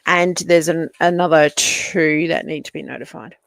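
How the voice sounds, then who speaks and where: A woman's voice: deep voice, steady tone, normal speed, vocal fry, dry recording. A woman with an Australian accent, Italian her first language, hosting a casual livestream and chatting as she reads comments. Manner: chatty, rambling, laughs often. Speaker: livestream host.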